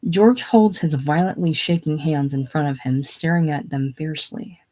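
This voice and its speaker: A reader reading the stage directions of a play aloud, plain and unhurried. The voice sits in a middle pitch, in an easy, casual manner. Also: a little mellow.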